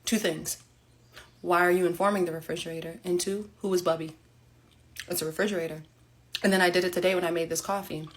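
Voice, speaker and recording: A woman telling a sarcastic, animated story straight to the camera in a casual monologue. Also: on the low side, fast talker, pauses often.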